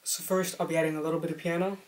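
A woman's voice: sits low, level tone, very fast. A young woman hosting a casual tutorial vlog, chatty with self-mocking asides. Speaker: filmmaker and channel host.

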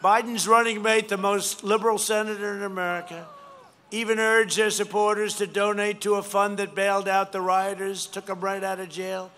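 Older male rally speaker, bright higher voice, rambling emphatic delivery, faint crowd noise behind. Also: little pitch movement, moderate pace. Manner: rambling, emphatic, repeats phrases. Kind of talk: rally speech. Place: outdoor rally.

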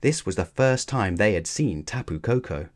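A man narrates a children's adventure book aloud with expressive, measured storytelling. His voice sits on the low side. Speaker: storybook reader.

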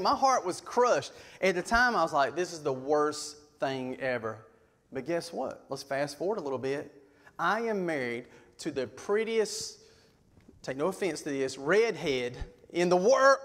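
A middle-aged man, a youth pastor telling folksy, animated stories in a sermon. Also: high voice. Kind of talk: sermon storytelling. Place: church sanctuary. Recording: long church reverb.

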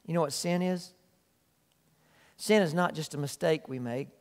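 A man's voice: fairly high pitch, normal speed, big-room sound. A man preaching a sermon as a pastor, earnest and emphatic, repeating phrases for weight. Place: church sanctuary.

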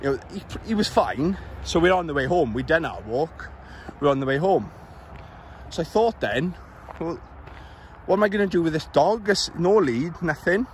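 A man's voice: on the high side, expressive, normal speed. A Welsh man talks into a handheld camera while out walking on suburban streets. His storytelling rambles and sounds exasperated, with the odd swear word. Faint traffic hums in the background. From Wales. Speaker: vlogger.

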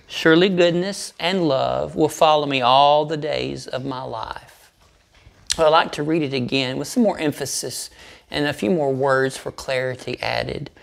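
Pastor guy doing a morning devotional, really slow and emphatic, gravelly voice. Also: fairly high pitch. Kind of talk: devotional scripture reading.

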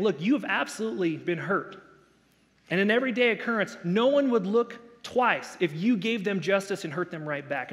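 Pastor, male, high-pitched, casual storytelling sermon with voiced quotes, reverberant church hall. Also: fairly bright tone. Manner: conversational preaching with playful asides and acted quotes.

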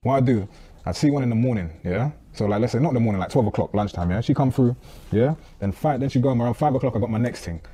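A man's voice: medium pitch, lively intonation, quick pace, mellow, slightly rough. A man from the Caribbean, bluntly telling stories in a street interview, brash and slangy. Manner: brash, boastful, slangy, keeps saying bruv. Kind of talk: blunt casual storytelling.

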